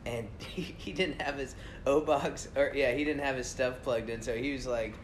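A man, a pilot, telling a flying story in casual chat with a relaxed, laid-back manner. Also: mid-range voice, moderate pace, slight background noise.

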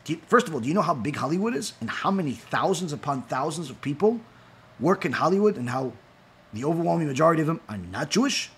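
A rabbi giving an impassioned talk, firing rhetorical questions and acting out quoted voices. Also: male voice, on the high side, big pitch swings, fast, a bit bright, husky.

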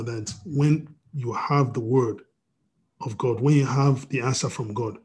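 Male pastor, dark husky tone, preaching over a video call. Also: medium pitch. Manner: reads scripture aloud, then preaches with restarts and "you know".

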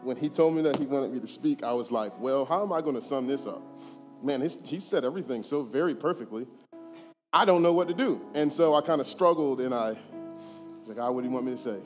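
A man's voice: medium pitch, fairly quick. A young man preaching a sermon in a church, candid and conversational, building to fervent passages. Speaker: guest preacher. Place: church sanctuary. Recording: hall reverb, faint music.

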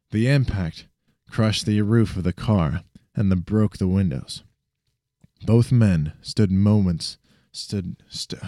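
Amateur male story reader, deep, dark tone, dry close sound, frequent restarts. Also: no echo. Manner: frequent restarts and self-corrections. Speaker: narrator.

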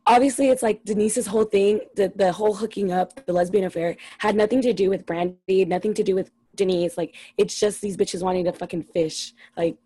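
A woman's voice: mid-range voice, steady tone, a little fast, few pauses, dark tone, husky, no echo, poor audio. A young woman co-hosting a podcast, chatting casually and ranting with lots of swearing about a reality show. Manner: profane, exasperated, ranting. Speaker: podcast co-host.

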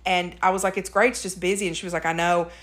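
A woman's voice: lowish voice, level tone, fast, a bit bright. Chatty woman podcast host. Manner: chatty storyteller, laughs often. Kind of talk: casual chat.

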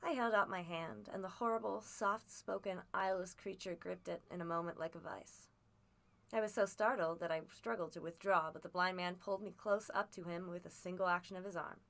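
A woman narrating a classic adventure novel aloud, in a measured, expressive reading. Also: on the low side, vocal fry. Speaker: audiobook reader. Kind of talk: storybook narration.

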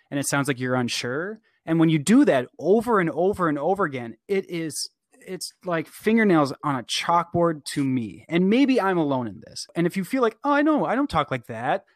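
A man's voice: a little high, dry recording. A man co-hosting a casual podcast chat, ranting emphatically and swearing now and then. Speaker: podcast co-host.

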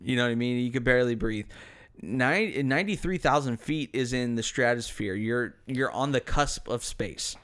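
A man's voice: medium pitch, moderate pace, a bit bright. A young American man co-hosting a podcast in casual chat, rambling and profane, with many hesitant fillers. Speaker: podcast co-host.

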